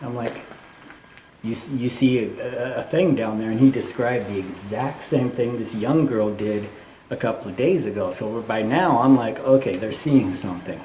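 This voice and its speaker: A man working as a tour guide, telling a ghost story in a lively way and acting out what people said, in an underground mine tunnel. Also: medium pitch, normal speed. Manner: animated retelling with acted quotes. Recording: echoey tunnel, faint noise.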